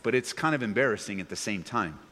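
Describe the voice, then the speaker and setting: A man preaching a sermon to a congregation, animated, swinging between loud excited bursts and low earnest tones. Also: quick pace. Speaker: pastor. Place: church sanctuary before a congregation. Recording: long reverb of a large hall.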